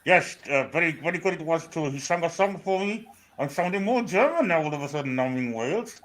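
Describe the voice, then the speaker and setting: A jokey German football manager voice with a put-on accent, as a man puts him on. It sits high in pitch. The manner is playful. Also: lively intonation, very fast, bright, forceful tone.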